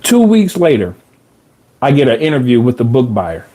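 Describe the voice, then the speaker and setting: A man hosting a podcast, telling a personal story in a casual, animated way, full of slang and repeated phrases for emphasis. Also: mid-range voice, normal speed. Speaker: podcast host.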